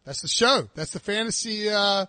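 A high-voiced man hosts a casual sports podcast, chatting and joking with plenty of fillers. His voice sits close and dry on the mic, with no room sound around it. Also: expressive, normal speed, pushed and bright, no echo. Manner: chatty, jokey, lots of fillers and restarts. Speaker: podcast host. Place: southern US.

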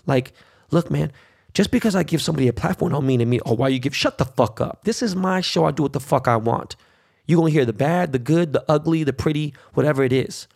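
Gravelly-voiced man ranting as podcast host. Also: medium pitch, darkish tone. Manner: blunt, combative, swearing, rhetorical questions. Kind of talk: profane monologue rant.

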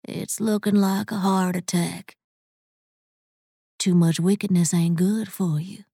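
A woman voicing a soft-spoken male sheriff in a western tale, talking quiet and measured with folksy turns. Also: sits high, steady tone, gravelly, husky, dry recording, studio quality, full character voice.

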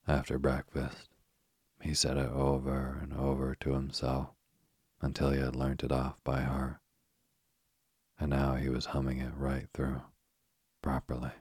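A man softly reading a children's storybook aloud as a soothing, unhurried sleep story on a close mic. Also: extremely low pitch, monotone, slightly rough, dry recording. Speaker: bedtime story reader. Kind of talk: slow sleep story narration.

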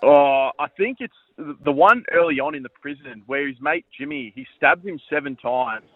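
A man's voice: on the high side, very animated, moderate pace, creaky, narrow, tinny audio. A man talking as a radio guest in an enthusiastic manner. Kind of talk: casual radio chat.

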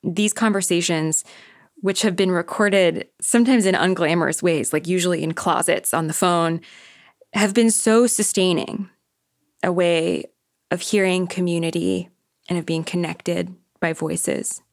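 A woman hosting a podcast, reading a reflective, measured introduction. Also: fairly low pitch, fairly even intonation, no room sound, studio quality. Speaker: podcast host. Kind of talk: scripted narration.

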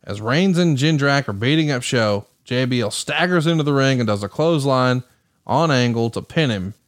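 A man runs through results in a brisk recap and then turns to his co-host with questions. His voice sits at a middle pitch. The sound is dry and close to the mic with no room around it. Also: animated, no echo. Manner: brisk, reads match results and asks questions. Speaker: podcast host. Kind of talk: match recap commentary.

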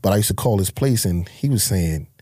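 A man's voice: low-pitched, animated, brisk, mellow, slightly rough, no room sound, clean studio sound. A man, telling his life story as a guest in a blunt, profane, emotional way. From Harlem, New York. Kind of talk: candid life-story interview.

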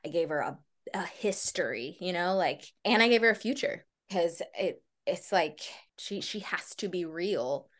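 A woman guest on a podcast interview chatting casually, animated and reflective, often laughing. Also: on the low side, normal speed. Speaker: guest, Broadway actress.

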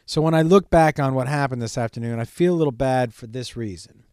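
A man's voice: mid-range voice, brisk, a little mellow, smooth, no echo, clean studio sound. A middle-aged man hosting a solo podcast, talking candidly in a rambling way and swearing often. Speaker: podcast host.

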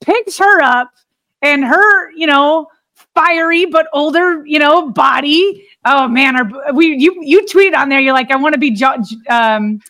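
A woman with a notably high voice talks sports on a podcast. She speaks earnestly and wanders, doubling back on her own words as she goes. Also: unhurried, bright, forceful tone. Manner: earnest, rambling with many restarts. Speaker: podcast co-host. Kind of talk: casual sports chat.

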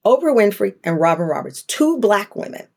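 A middle-aged woman speaking candidly as an interview guest, telling animated stories and acting out the voices she quotes. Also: mid-range voice, a little fast, creaky. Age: 40s to 50s. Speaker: talk show host, guest.

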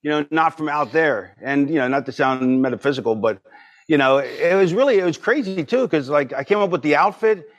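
Animated middle-aged man telling stories. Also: on the high side, fairly quick, muffled recording. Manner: animated storyteller, acts out quoted voices. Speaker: podcast guest. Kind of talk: casual storytelling.

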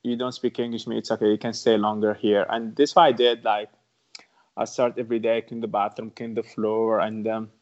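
A man's voice: on the low side, flat delivery, fairly quick. A man with an Arabic accent and broken English telling his own story as a podcast guest, earnest and repeating phrases for emphasis. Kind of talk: interview storytelling. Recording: dull lo-fi sound.

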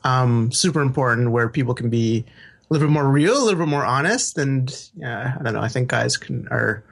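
A man with a gravelly, slightly husky voice, chatting as a guest on a podcast. He is relaxed and laughs easily, and he often stops and restarts his words as he talks. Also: medium pitch, fairly quick. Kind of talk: casual podcast chat.

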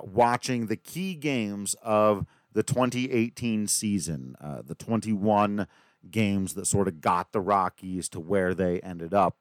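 A man hosting a podcast, talking casually and poking fun at himself. His voice sits a little low and sounds smooth and resonant. The recording is dry and close, with no room sound. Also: dry recording. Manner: chatty, joking, self-deprecating. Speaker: podcast host. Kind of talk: casual podcast chat with ad read.

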